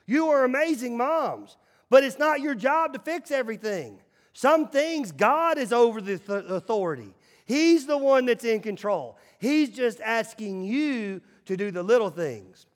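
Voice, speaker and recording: A male pastor preaching a sermon in a church, emphatic, swinging between loud calls and hushed asides. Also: very high voice, animated, unhurried, in a large hall. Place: church sanctuary.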